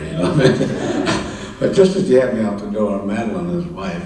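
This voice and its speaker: Older man, low voice, distant in an echoing hall. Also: darkish tone, a little hiss or hum. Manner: anecdotal, chuckling, halting with fillers. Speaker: interview guest. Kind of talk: live stage conversation, storytelling. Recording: roomy, distant mic in a hall.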